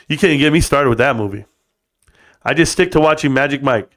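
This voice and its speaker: A man's voice: medium pitch, normal speed, fairly bright tone. A man from California hosting a casual live stream, joking and blunt, calling everyone "bro" as he reads chat. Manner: joking, blunt, says "bro" a lot, swears.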